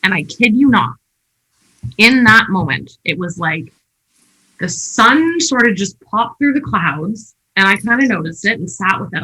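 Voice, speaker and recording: A woman tells her own story as a podcast guest, speaking emphatically and candidly with plenty of "like" fillers. Her voice is bright and carries a husky edge. She sits at a middling pitch for a woman. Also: animated, measured pace, rough recording. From Canada. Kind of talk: personal story in conversation.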